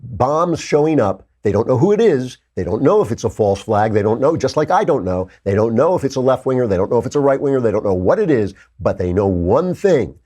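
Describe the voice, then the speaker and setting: Male talk host, slightly husky tone, sarcastic commentary, studio mic. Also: medium pitch, sing-song, brisk, few pauses, mellow. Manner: sarcastic, mocks opponents in exaggerated voices. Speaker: political talk show host. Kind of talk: opinionated commentary monologue.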